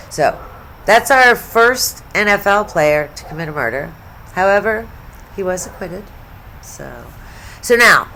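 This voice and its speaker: A woman's voice: lowish voice, pushed and bright. A middle-aged woman from the United States telling stories in a casual sports vlog, chatty, blunt and profane, with asides. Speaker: sports vlogger.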